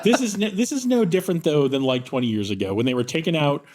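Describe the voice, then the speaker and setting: A man with a slightly higher voice co-hosting a relaxed podcast. He lays out reasons in a measured, explanatory way. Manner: measured, explains business logic. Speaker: podcast co-host. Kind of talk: casual chat.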